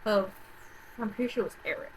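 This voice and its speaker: Woman vlogger, casual profane rant, mid-pitched voice, faint hiss behind her. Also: fast talker, poor audio. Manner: rambling, profane, repeats herself, big swings between loud outbursts and mutters. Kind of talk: casual rant about horror movies.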